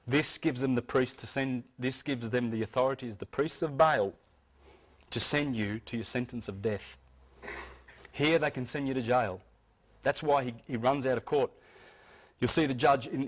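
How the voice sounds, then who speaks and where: A man giving a lecture to an audience, speaking emphatically and insistently, often restarting his sentences. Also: mid-range voice.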